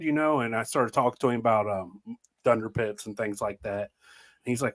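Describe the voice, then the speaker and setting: A man's voice: medium pitch, a little fast, fairly bright tone. A man hosting a podcast, chatting casually and telling rambling stories with frequent laughs. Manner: laid-back, rambling storyteller, laughs often. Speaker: podcast host. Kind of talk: casual chat.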